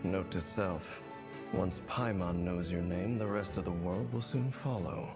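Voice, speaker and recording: A man voicing a calm, reserved male wanderer in a video game, speaking in a dry, measured way. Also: low voice, over music.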